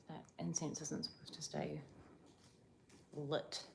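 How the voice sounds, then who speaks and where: A woman's voice: low-pitched, big pitch swings, takes it slowly, vocal fry, slight background noise. A young woman from Croatia hosting a casual livestream, chatting in a rambling, oversharing way. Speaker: livestream host. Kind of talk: casual live chat.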